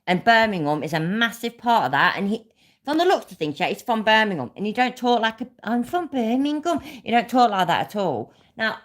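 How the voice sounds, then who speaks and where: A woman's voice: medium pitch, very animated, a little fast, fairly bright tone. A woman with a Leicester accent, a YouTube host talking bluntly and swearing freely in a casual livestream chat. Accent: Leicester English.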